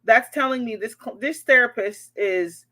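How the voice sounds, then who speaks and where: A woman's voice: on the high side, moderate pace, a bit bright. A woman therapist on her vlog, bluntly and indignantly picking apart a post and swearing freely. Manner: indignant ranting. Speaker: therapist reacting to a social media post. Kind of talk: reaction vlog commentary.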